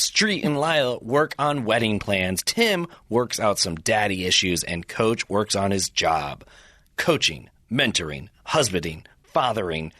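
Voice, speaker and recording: A man's voice: on the low side, bright, forceful tone, no room sound, clean studio sound. A man in his forties from Chicago co-hosting a casual podcast chat, rambling through stories and laughing often. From Chicago area, United States. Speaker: podcast co-host.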